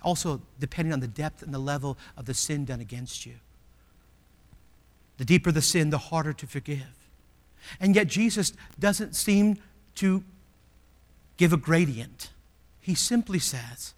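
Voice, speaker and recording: Emphatic male pastor, fairly high voice. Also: long reverb tail. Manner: emphatic preaching, swinging from loud exclamations to hushed, slow asides. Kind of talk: sermon.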